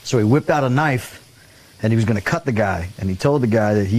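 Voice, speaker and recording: A man hosting a casual talk show, telling a long anecdote with animated quoted voices and frequent laughter. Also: on the low side, quick pace. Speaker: show host. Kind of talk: casual storytelling chat.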